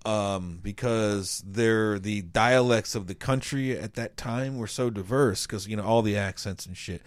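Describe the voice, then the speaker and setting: A man's voice: lowish voice, measured pace, dry recording. A man chatting casually on a podcast, rambling and swearing as he talks. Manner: rambling, swears a lot, breaks into loud mock old-time voices. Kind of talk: casual chat.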